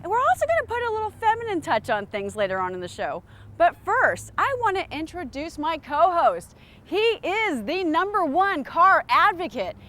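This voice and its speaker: Lively high-voiced woman introducing a show. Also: moderate pace. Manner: upbeat, promotional. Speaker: car show co-host.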